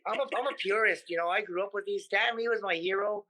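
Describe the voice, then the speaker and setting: A man from the United States, a comedian guest in a casual interview, talking in an animated, profane way and acting out his stories. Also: sits high, fast, rough recording.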